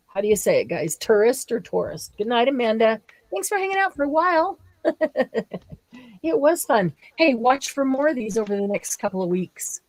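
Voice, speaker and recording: Lady doing a crafting livestream, talks slow, giggles a lot, just chatting with chat. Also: mid-range voice, sing-song, a little mellow, rough recording. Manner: giggly, laughs often while talking. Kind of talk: casual livestream chat, reading viewer comments aloud.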